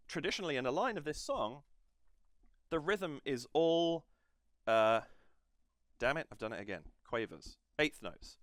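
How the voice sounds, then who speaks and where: In a reaction video, a man digressively analyzes a song's rhythm, counting and humming beats to explain it. His voice is a little high and fairly bright, with big pitch swings at normal speed, recorded dry in a clean studio.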